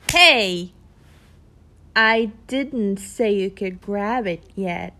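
Slow, teasing woman. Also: medium pitch, animated, bright, forceful tone. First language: Russian. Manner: teasing, playful, giggly. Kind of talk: flirty audio role-play.

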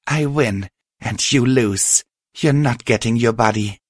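A man's voice: medium pitch, unhurried, no echo, studio quality, lightly acted. A man voicing a wounded young female unicorn mare who speaks in a strained, defiant way.

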